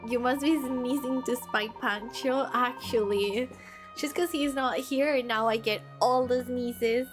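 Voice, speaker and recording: A woman's voice: on the high side, fairly even intonation, unhurried, over music. A woman streamer in casual gameplay chat, chatty and giggly, on a desk microphone.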